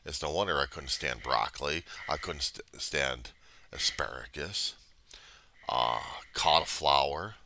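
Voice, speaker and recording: A man's voice: very deep voice, unhurried, creaky, pushed and bright, dry recording. A man rambling casually to camera, grumbling and meandering, sometimes dropping to a mutter. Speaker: vlogger.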